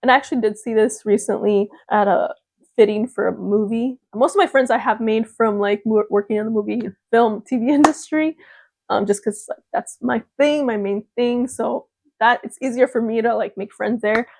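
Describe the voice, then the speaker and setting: A woman's voice: on the high side, normal speed, gravelly, darkish tone. A young woman vlogging in a casual chat to camera, talking freely and laughing often. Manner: chatty, laughs often, mimics gushing voices.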